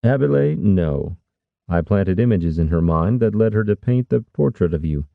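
Sly conspiratorial older lord, a man reading, raised a bit from a deep gravelly base. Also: lively intonation, moderate pace, dry recording, phone-quality sound. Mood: wry. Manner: scoffing, wry, conspiratorial. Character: sly scheming older male lord, amused.

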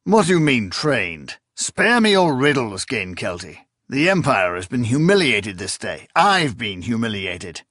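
A man voicing a frightened, paranoid emperor who rants and shouts in rage. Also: mid-range voice, sing-song, unhurried, hardly any pauses, no room sound, clean studio sound. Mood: suspicious. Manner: ranting, drunken, shouting in rage.

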